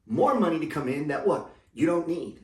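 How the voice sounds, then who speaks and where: A man's voice: a little high, lively intonation, normal speed, recorded from a distance. A man giving a blunt, slangy motivational monologue as a money coach, emphatic and repetitive. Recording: echoey room, voice off the mic.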